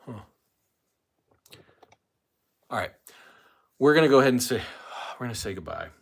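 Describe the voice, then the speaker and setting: A man's voice: medium pitch, animated, fast, gravelly, slightly rough. A middle-aged man hosting a casual solo livestream from home, rambling and joking straight to his viewers. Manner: rambling, jokey, talks to viewers directly. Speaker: livestream host.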